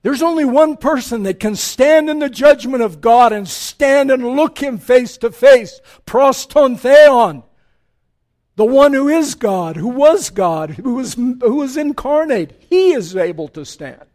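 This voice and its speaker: A high-voiced man delivers a sermon to his congregation. He preaches with passion, climbing to urgent peaks and sinking into hushed, quiet stretches. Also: animated, unhurried, few pauses. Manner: impassioned, swinging from loud urgent peaks to hushed low passages. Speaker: pastor.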